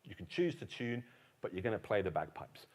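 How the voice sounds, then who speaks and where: A man's voice: lowish voice, big pitch swings, a little fast, a little mellow. A man voicing a stern commanding officer giving blunt orders in a clipped way.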